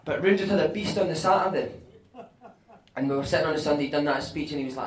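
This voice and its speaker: A Scottish man telling animated, sweary anecdotes on stage at a live podcast show, often laughing as he talks. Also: on the high side, quick pace. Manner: animated, sweary, laughing through his stories. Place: live venue with audience. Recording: echoey room, mic at a distance.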